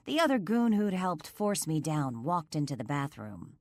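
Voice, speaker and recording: Woman, audiobook narrator, first-person romance, low voice, dry close recording. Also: very animated, moderate pace, no echo.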